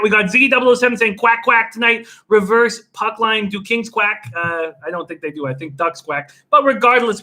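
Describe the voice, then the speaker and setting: A man hosting a sports betting live stream from home, energetically reading out chat shout-outs. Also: sits high. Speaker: sports betting show host.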